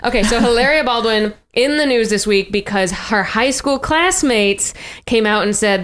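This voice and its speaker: A woman hosting a casual podcast. She tells stories bluntly and with a lot of animation. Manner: animated, blunt storytelling, quick pitch jumps when joking. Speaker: podcast host.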